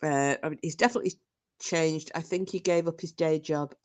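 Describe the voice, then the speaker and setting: A woman's voice: low-pitched, steady tone, fairly quick. A middle-aged woman hosting a casual livestream, chatting and reacting to comments from her chat with frequent laughter. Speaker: livestream host reading chat.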